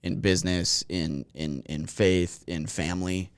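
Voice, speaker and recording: A man's voice: sits low, steady tone, measured pace, clean tone, no echo. A man from Minnesota with a Minnesota accent, chatting candidly as a podcast guest, rambling and self-deprecating. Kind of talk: casual chat.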